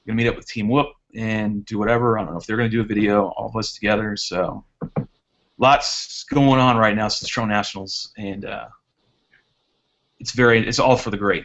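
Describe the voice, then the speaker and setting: A man, a guest drone racer, chatting casually on a live hangout, telling stories in an animated way. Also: lowish voice, muffled recording.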